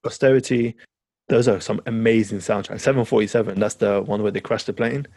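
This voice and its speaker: Gravelly enthusiastic man chatting. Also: on the low side, fairly even intonation, brisk, a little mellow, dry recording. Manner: enthusiastic, rambling, swears casually. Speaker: podcast co-host. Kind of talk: casual chat.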